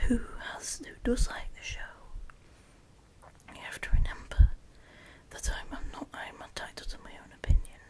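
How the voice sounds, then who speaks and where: A woman, whispering a discussion vlog close to the microphone at home late at night, rambling with frequent restarts. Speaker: YouTuber.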